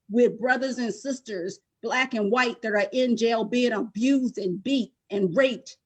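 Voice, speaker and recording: A middle-aged woman, a guest on the show, giving emotional personal testimony in an impassioned, emphatic way. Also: fairly high pitch.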